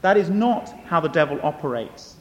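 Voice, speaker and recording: A man preaching an earnest, emphatic sermon, turning to question his listeners directly. His voice sits high and swings widely in pitch. It rings out with a long reverb in a large church. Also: expressive, normal speed.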